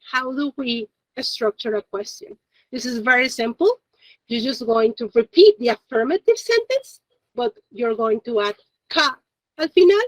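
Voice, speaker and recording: A woman's voice: fairly high pitch, dry recording, poor audio. A woman teaching a basic Japanese class over a video call, checking in often with her students. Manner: encouraging, checks in often with "okay?" and "yes?". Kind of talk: online class lesson. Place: Japanese language school in Monterrey.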